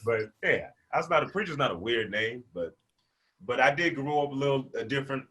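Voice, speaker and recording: A young adult man from the United States doing a stand-up comedy set, telling stories and acting out characters with loud, high-pitched outbursts and laughter. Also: lively intonation, fairly quick, a little hiss or hum. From American, born in Portland, raised in Memphis.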